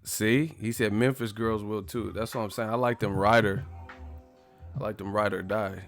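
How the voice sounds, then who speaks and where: A man's voice: on the low side, fairly even intonation, normal speed, soft background music. A man in his thirties, hosting a live stream, chats loosely and profanely, rambling and laughing as he reacts to viewer comments. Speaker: boxing stream host. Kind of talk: casual live-stream chat reading comments.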